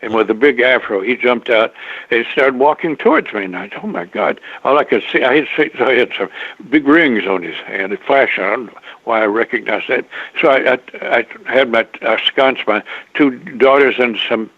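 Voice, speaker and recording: An older man, a guest in an interview, telling a long rambling story, halting and restarting often, with a chuckle now and then. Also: mid-range voice, dry recording. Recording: dry tinny phone line.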